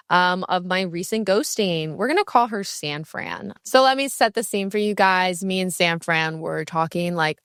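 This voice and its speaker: A woman's voice: a bit bright, clean tone, dry recording, studio quality. A young woman hosting a casual solo podcast, telling dating stories in a brash, profane, candid way with sassy asides and sudden bursts of speed. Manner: swinging pitch and bursts of speed. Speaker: podcast host.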